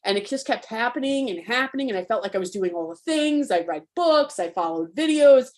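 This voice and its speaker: Frank, spirited woman coach, slightly high voice. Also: animated, brisk. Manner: frank, spirited, curses freely; conversational, rallying. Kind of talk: live online coaching talk.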